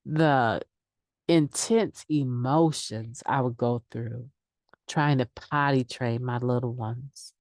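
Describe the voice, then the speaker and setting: A woman's voice: a bass voice, slow pace, darkish tone, no room sound, clean studio sound. A middle-aged woman speaking candidly at a recovery meditation, sharing her own experience in a conversational way. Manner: candid, conversational, acts out quoted excuses. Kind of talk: daily meditation reading and sharing.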